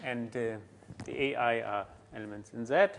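A man giving a university mathematics lecture, halting often with fillers and restarts as he works through a proof. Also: medium pitch, vocal fry, slight background noise. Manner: halting, many fillers and restarts while writing.

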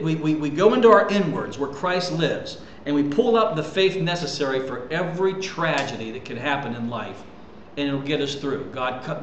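A man preaching a sermon in an animated way, rising loud and dropping soft and often repeating words. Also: on the high side. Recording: echoey room with faint ambient noise.

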